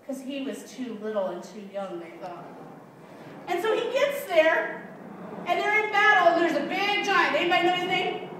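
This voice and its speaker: A woman's voice: extremely high pitch, big pitch swings, normal speed, fairly bright tone. A woman teaching children a Bible story, playful, asking them questions and laughing often. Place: church room with children. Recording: echoey room, mic far off, faint noise.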